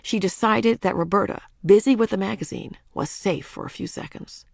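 A woman narrating a children's storybook in a lively, expressive way. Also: mid-range voice, moderate pace, gravelly, no echo, clean studio sound. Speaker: audiobook narrator.

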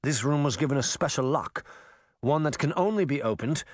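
A man voicing a calm, cold male villain who speaks in a measured, detached way. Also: fairly high pitch, no echo, clean studio sound, close to an everyday voice.

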